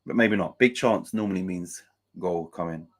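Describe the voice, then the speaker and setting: A man with a slightly low voice hosts a casual live match-day stream. He talks loosely, swears freely, and reads chat messages and other scores aloud between remarks. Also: normal speed.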